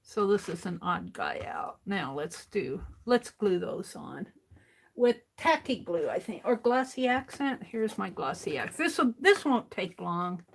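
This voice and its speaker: An older woman hosting an art livestream, chatting casually to herself as she works and counting items out loud. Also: medium pitch, expressive, creaky, a little hiss or hum. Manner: unhurried, talks to herself while working, counts items aloud. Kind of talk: casual crafting livestream chat.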